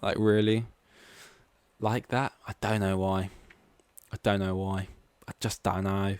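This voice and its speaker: A man from East London, England, hosts a solo podcast, rambling casually, wandering off on tangents and leaning heavily on "like." His voice sits on the low side with a darkish tone and fairly even intonation, at a moderate pace with no room sound.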